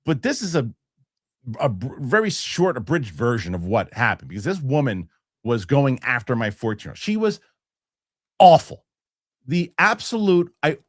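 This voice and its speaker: Animated man ranting through a story. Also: mid-range voice, no echo, studio quality. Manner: heated, animated, swears, acts out quoted people. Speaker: show host. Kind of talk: casual storytelling rant.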